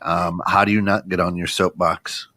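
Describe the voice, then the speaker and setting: A man hosting a podcast, talking in an easygoing way and quickly plugging his guest. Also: deep voice, little pitch movement, pushed and bright, no echo. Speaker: podcast host. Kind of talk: casual podcast talk.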